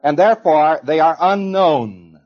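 A man's voice: a little high, expressive, a little slow, muffled recording. A man giving an informal lecture in a conversational, digressive way, now and then acting out example voices.

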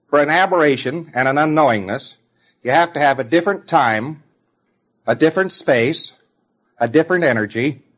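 A man's voice: a little high, dull audio. A man giving an informal lecture in a conversational, digressive way, now and then acting out example voices.

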